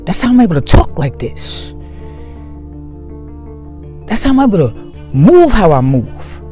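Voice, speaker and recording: A man giving a slow, emphatic spiritual monologue to his viewers, repeating key phrases for weight. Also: high-pitched, sing-song, dark tone, faint music behind. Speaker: spiritual video host.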